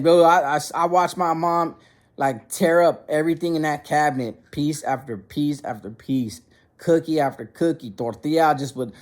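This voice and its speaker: A man's voice: on the high side, a little mellow. A young man telling a funny personal story in casual slang, repeating words and restarting sentences as he goes.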